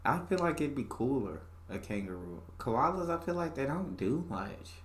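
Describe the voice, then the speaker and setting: A man's voice: mid-range voice, big pitch swings, normal speed. A man hosting a reaction video, joking and bantering casually. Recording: echoey room.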